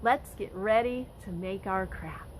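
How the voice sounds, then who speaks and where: A woman nature educator giving an expressive lesson to children, speaking directly to her young listeners. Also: medium pitch, a little slow, slight background noise, rough recording.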